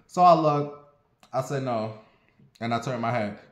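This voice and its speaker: A man's voice: mid-range voice, normal speed. Blunt, sassy man in his forties. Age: 40s. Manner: blunt, sassy, profane, animated. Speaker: vlogger. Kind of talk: casual storytelling monologue. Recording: roomy echo.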